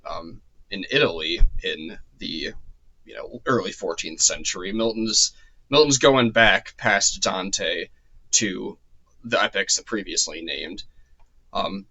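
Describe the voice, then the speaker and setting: A man's voice: deep voice, animated, slow, sharp tone, dull audio. A man giving a casual spoken lecture, loose and chatty with many ums and restarts, his voice a little worn. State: slightly losing his voice. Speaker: course lecturer.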